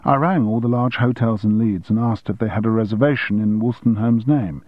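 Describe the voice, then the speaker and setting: A man voicing an efficient young woman assistant who reports facts briskly and precisely. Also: fairly low pitch, dry recording, dull audio, lightly acted. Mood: matter-of-fact.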